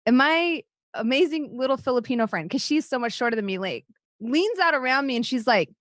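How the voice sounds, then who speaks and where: Co-host in her thirties, candid, swears and laughs, higher voice, dry close sound. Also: animated, brisk, no echo. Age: 30s. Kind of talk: casual chat.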